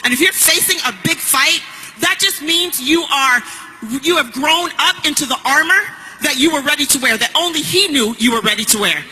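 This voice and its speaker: A woman giving a motivational stage speech as a network marketing speaker, emphatic and punchy, building to shouts. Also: high voice, normal speed, in a large hall, poor audio.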